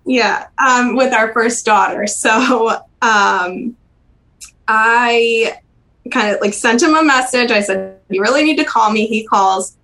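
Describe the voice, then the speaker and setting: A young woman speaking as a podcast interview guest, recalling personal memories in a halting, soft-spoken way with frequent pauses and restarts. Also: fairly high pitch, low-quality recording. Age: young adult.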